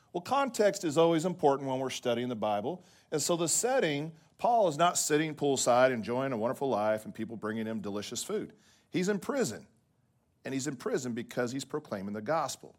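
A pastor with a medium-pitched voice preaches a lively sermon to his congregation. He keeps checking in with "right?" and sometimes drops to a soft, quiet tone for emphasis.

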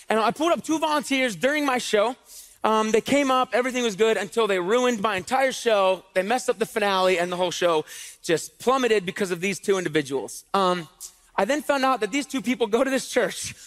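A man's voice: high voice, fairly bright tone. A man doing comedic stage patter as an illusionist in a church, chatty and joking. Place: large church hall on stage. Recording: long reverb of a church hall.

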